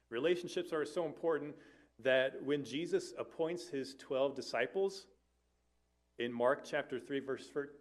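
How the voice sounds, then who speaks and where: A man, a family life minister, preaching an earnest sermon to a church, with conversational asides and occasional self-corrections. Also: mid-range voice.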